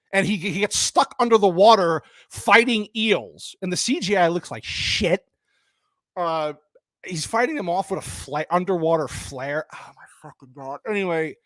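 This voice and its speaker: Animated, exasperated man ranting on stream. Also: fairly high pitch, no room sound, clean studio sound. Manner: exasperated, animated, swears often, talks to chat. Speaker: livestream movie reviewer. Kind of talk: casual profane live stream rant.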